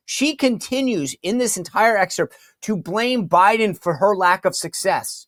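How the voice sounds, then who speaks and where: A man's voice: high voice, lively intonation, moderate pace, few pauses, fairly bright tone, dry recording, studio quality. A man hosting a political talk show, delivering an emphatic, incredulous commentary monologue and mockingly reading quotes aloud. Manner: incredulous, emphatic, repeats himself.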